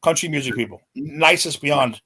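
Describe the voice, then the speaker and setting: A man in his forties, a podcast guest, telling a celebrity story in an excited, animated way. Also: fairly high pitch, normal speed, slight background noise. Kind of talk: casual storytelling.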